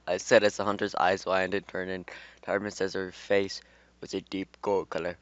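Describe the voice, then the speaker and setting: Casual male reader, low and smooth; rambling, profane asides; dry, dull home recording. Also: level tone, normal speed, dry recording. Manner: rambling, swearing, laughing asides. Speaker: fan fiction reader and YouTuber. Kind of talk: casual reading with rambling commentary.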